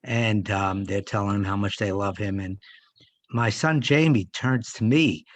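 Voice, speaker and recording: An older man reflecting in a church group discussion, speaking in a halting, heartfelt way with many pauses. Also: lowish voice, slight background noise. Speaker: discussion participant.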